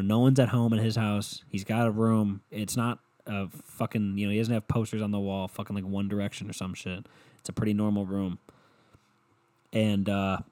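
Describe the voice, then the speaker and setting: A man's voice: lowish voice, darkish tone. Rambling, profane young podcast guy. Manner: rambling, profane, heavy on filler words. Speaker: podcast host. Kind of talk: casual solo podcast monologue.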